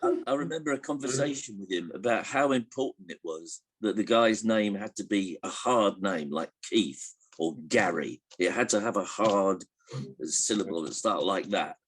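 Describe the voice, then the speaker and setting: Low husky older man. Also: expressive, moderate pace. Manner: hesitant, many restarts, chuckles while telling jokes. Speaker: interviewee recalling a comedian. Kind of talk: relaxed anecdotal interview answers.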